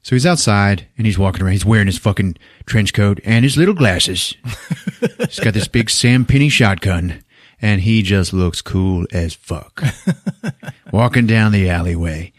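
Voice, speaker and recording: A man's voice: fairly low pitch, a little slow, no room sound, studio quality. A man hosting a podcast, casually retelling a movie plot with lots of swearing and laughter. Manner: profane, laughing storytelling. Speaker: podcast host.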